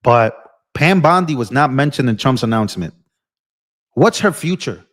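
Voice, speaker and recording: A man's voice: mid-range voice, animated, normal speed. A young man hosting a political live stream, ranting in a heated, impassioned way and talking straight to his viewers. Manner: impassioned, ranting, addresses viewers as bro and y'all.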